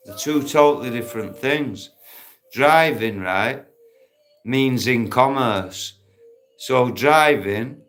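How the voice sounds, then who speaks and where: A man hosts a casual live stream from a park, talking straight into his phone. He is blunt and matey, swearing freely as he chats with viewers. His voice sits at an ordinary middle pitch for a man. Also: a bit bright. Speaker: livestream host. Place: outdoors in a park.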